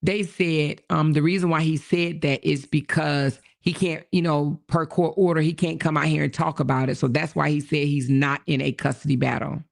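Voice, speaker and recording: Hosting a laid-back livestream, a woman reads viewer comments aloud and responds bluntly, swearing as she goes. Her deep, creaky voice stays steady at a moderate pace with hardly any pauses, and she laughs often while her thoughts wander off.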